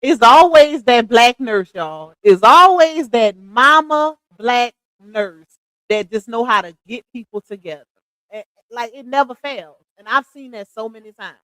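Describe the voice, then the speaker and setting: A woman's voice: on the high side, animated, a little slow, a bit bright, dry recording, rough recording. Chatty woman host commenting. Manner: chatty, sums up and gives opinions to the audience. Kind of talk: storytime commentary.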